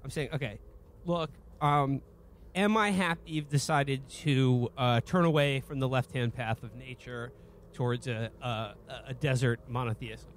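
A man riffing in a halting, mock-earnest comedic way, full of restarts. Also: mid-range voice, fairly even intonation, a little hiss or hum.

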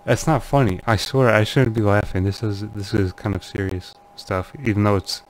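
A channel host with a lowish voice and a moderate pace reads forum posts aloud and comments casually, laughing nervously and muttering uneasily. There's slight background noise.

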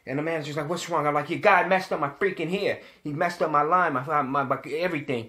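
A young man telling a story to the camera in a casual, animated way, swearing and repeating himself when he gets worked up. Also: a little high, quick pace.

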